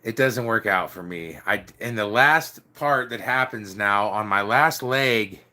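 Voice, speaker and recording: A middle-aged man with a bright, forward voice tells a long story in a loose, rambling way. He drops "dude" and "like" throughout and keeps a casual, chatty tone. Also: fairly low pitch, unhurried. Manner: rambling, swears mildly, says "dude" and "like" often. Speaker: storyteller recounting biker club days.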